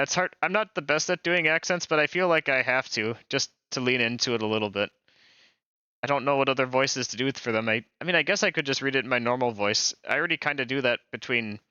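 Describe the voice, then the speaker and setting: A man streaming a story game, chatting in a relaxed, self-deprecating way, with game music underneath. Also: mid-range voice, smooth, dry recording, lo-fi sound. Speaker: VTuber streamer. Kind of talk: casual game commentary.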